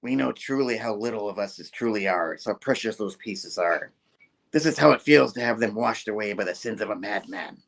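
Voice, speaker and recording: A man voicing a bitter, vengeful woman villain in his own low, muttered voice. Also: lively intonation, fairly quick, vocal fry, fairly bright tone, full character voice.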